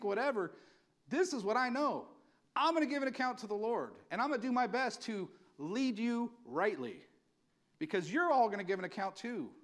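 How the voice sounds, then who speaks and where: High-voiced, animated preaching man. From California. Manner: impassioned, conversational preaching with acted-out quotes. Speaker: pastor. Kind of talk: sermon.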